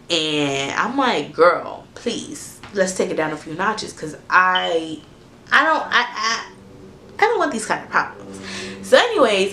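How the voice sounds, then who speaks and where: A young woman, telling a story to her camera in a lively, cussing, chatty way. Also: on the low side, echoey room, a little hiss or hum. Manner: animated, swears freely, asides to viewers. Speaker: storytime vlogger.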